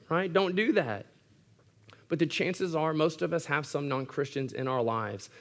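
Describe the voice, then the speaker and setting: A man's voice: fairly high pitch, moderate pace, gravelly. A male pastor delivering a sermon earnestly, with occasional wry humorous asides.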